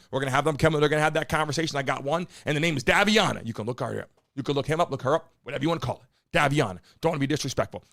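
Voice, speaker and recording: A man's voice: high-pitched, no echo, clean studio sound. Hyped live-stream host, man. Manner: loud, hyped, swearing, rallying the chat. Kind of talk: energetic live-stream talk to chat. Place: studio.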